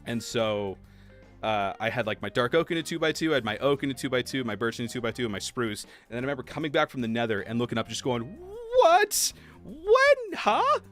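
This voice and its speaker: A man chatting casually while live-streaming a game, talking to viewers and laughing softly. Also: mid-range voice, quick pace, soft background music. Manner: chatty, animated, soft laughs. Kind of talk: casual livestream gameplay chat.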